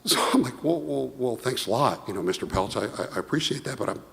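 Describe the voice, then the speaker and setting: A middle-aged man giving an award toast, telling a lively anecdote and acting out quoted dialogue. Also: mid-range voice, fast, gravelly. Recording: long hall reverb.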